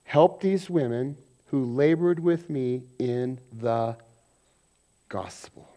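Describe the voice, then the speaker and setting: A man preaching a sermon in a conversational way, swinging between loud emphasis and quiet asides and acting out everyday quarrels in quick mock voices. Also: mid-range voice. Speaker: pastor.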